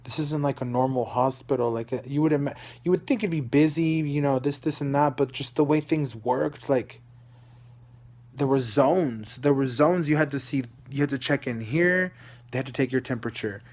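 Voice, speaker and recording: A man's voice: medium pitch, normal speed, darkish tone. A young man from Dallas, Texas, telling a personal story in a rambling, emotional way, repeating himself and swearing. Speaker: vlogger.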